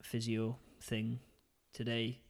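A podcast co-host with a gravelly, creaky edge to his voice tells a rambling story in a relaxed, self-mocking way. He talks casually at a middle pitch, the easygoing rhythm of friends chatting on a show. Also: takes it slowly. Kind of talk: casual chat.

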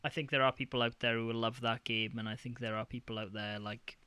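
A man's voice: mid-range voice, steady tone, pushed and bright, smooth, no echo. A man, co-hosting a casual chat about video games, joking and bantering. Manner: jokey, quick to banter. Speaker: podcast co-host.

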